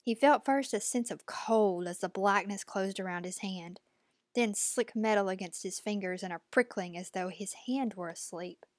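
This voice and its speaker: A woman narrating an audiobook at a measured, steady pace. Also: medium pitch, no echo, studio quality.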